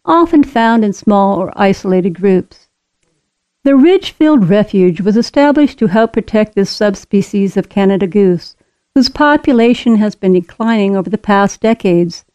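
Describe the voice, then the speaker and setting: A woman reading scripted narration for a wildlife auto tour in a steady, informative way. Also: medium pitch, dry recording. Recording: slightly dull lo-fi recording.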